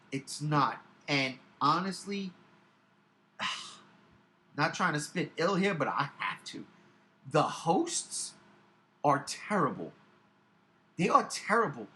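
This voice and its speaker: A man in his forties rants to camera as host of his own channel, swearing freely and hammering his points home by repeating them. His pitch leaps and dips all over the place, and his tone is bright and forceful. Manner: animated, profane, emphatic, repeats himself for effect. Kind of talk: casual ranting commentary to camera.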